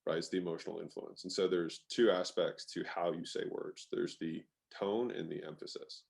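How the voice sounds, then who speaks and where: Low-voiced man, emphatic guest. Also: fairly even intonation, moderate pace, gravelly, a little mellow. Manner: emphatic, swears, many "like" fillers. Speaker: guest, sales expert. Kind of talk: casual interview chat.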